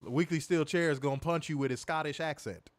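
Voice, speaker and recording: A man's voice: on the high side, quick pace, very noisy. A man co-hosting a live wrestling review stream, casual and profane, laughing often and reading viewer comments aloud. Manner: reads viewer super chats aloud. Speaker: wrestling show co-host.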